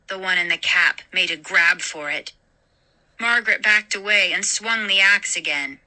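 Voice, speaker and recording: A woman host narrating a scary story in a slow, dramatic reading. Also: on the low side, steady tone, bright, forceful tone, poor audio.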